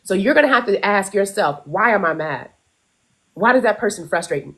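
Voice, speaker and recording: Emphatic woman with a lively voice. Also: mid-range voice, fairly quick. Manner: emphatic, urging, blunt with some swearing. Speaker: wellness guest panelist. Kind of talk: casual live-stream talk.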